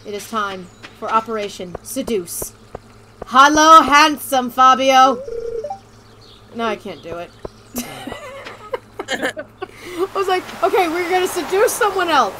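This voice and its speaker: High-voiced goofy woman gaming. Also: unhurried. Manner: goofy, excitable, joking around. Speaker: let's play host. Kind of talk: casual co-op gaming chat. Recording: noisy background hiss.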